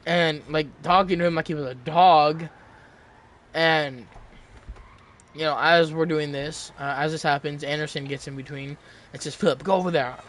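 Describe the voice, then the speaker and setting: A man's voice: a little high, fairly even intonation, normal speed, pauses often, a bit bright. A young man in his late teens, telling a story in casual chat, rambling with lots of fillers and restarts.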